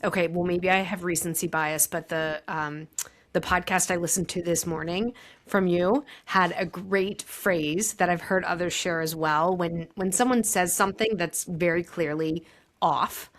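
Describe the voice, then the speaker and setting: A woman co-hosts a podcast in a fairly low voice. She speaks in a thoughtful, measured way during casual conversation. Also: fairly even intonation. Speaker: podcast co-host.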